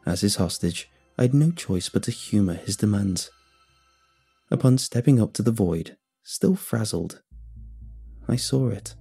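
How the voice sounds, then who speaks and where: A man's voice: fairly low pitch, lively intonation, unhurried, gravelly, dark tone, husky. A man telling a first-person horror story in a tense, dramatic way. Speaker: narrator. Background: faint music.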